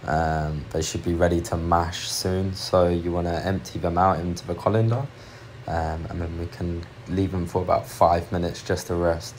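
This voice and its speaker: A man's voice: low voice, fairly even intonation, normal speed, slight background noise. A young man narrating a home cooking video in a casual, joking way, with sardonic asides and easy laughs. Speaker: cooking vlogger. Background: background music.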